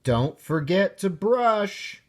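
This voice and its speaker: A man reading aloud and voicing a caring frog mother who gently reminds her son of things. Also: high voice, big pitch swings, extremely slow, pitched above the performer's own voice, full character voice. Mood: gentle.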